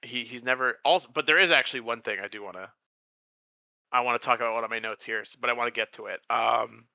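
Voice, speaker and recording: A man co-hosting a movie podcast, chatting casually and animatedly, jumping up in pitch when he acts out scenes. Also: quick pace, creaky, no room sound. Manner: animated, acts out characters with big pitch jumps. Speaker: podcast co-host. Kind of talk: casual movie review chat.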